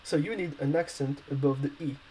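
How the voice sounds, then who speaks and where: Male language tutor, non-native English speaker, somewhat high voice with a mellow tone, halting and full of fillers. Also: slight background noise, low-quality recording. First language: not English. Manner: hesitant, many fillers and restarts. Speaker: language teacher. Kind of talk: explaining a grammar lesson.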